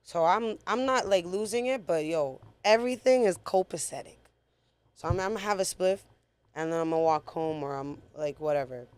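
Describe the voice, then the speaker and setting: A woman's voice: fairly low pitch, normal speed, clear, resonant tone, no echo. Blunt, profane woman telling her story. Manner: blunt, profane, animated retelling. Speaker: guest. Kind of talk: casual storytelling interview.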